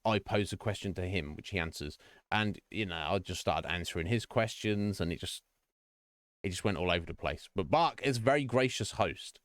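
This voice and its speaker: A man's voice: low voice, expressive, moderate pace, no echo, clean studio sound. A man chatting casually with viewers on a game stream, rambling with lots of fillers and restarts.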